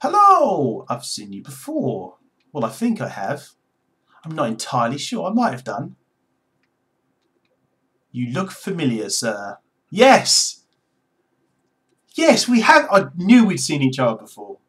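A British man chatting casually with strangers on a video call, excitable and exclamatory. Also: mid-range voice, measured pace, pauses often. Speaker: video chat host.

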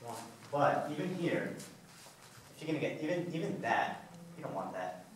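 A salsa instructor with a mid-range, sing-song voice counts the beats aloud at a normal pace, explaining each move in a loose, easygoing way while he demonstrates. A distant camera picks him up in an indoor dance studio, where a big echo fills the room over a faint background hum.

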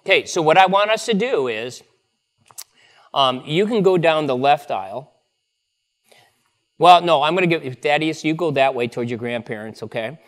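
A man's voice: fairly high pitch, lively intonation, moderate pace, pauses often. A male pastor leading a prayer and then an upbeat, playful children's message at a church service. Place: church sanctuary.

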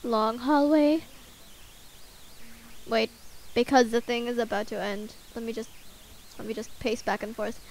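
A young woman hosting a gaming video, reacting emotionally and loudly to what happens in the game. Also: on the high side, measured pace, creaky, pauses often. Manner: excitable, emotional, shouting at characters. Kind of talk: let's play commentary.

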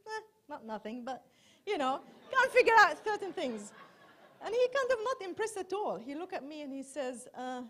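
High-voiced woman telling self-mocking stories. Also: sing-song, fairly quick, a bit bright. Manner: chatty, self-mocking storytelling with wry asides. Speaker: journalist doing stand-up. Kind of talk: stand-up comedy set. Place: large hall before a live audience.

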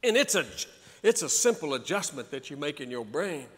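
A male pastor preaching a sermon in a fiery, folksy way, building up to shouts. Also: on the high side, big pitch swings, brisk. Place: large church hall. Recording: reverberant church hall.

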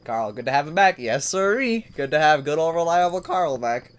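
A man's voice: fairly high pitch, brisk, clear, resonant tone. A man casually commenting on a dating sim as he plays, chuckling and talking to his viewers. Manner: laid-back, chuckling, talks to viewers while reading a visual novel. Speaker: gaming video host. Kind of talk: casual let's-play commentary.

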